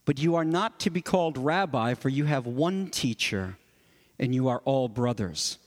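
A man preaching an expository sermon, his voice rising for emphasis and dropping low for quiet asides. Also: lively intonation, moderate pace, in a large hall. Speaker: pastor.

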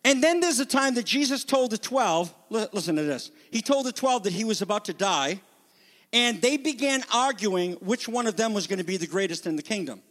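A man preaching a sermon with a high voice and lively, animated delivery, now and then taking on the voices of people in the story. His words ring out with a long reverb, as if he is in a large hall. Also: brisk. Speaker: pastor.

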